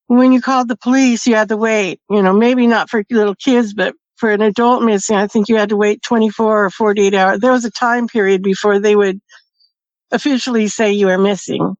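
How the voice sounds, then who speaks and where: A woman's voice: on the high side, no room sound. A woman guest telling a personal story in a casual, chatty way, laughing between phrases. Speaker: podcast guest. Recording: dry, dull lo-fi sound.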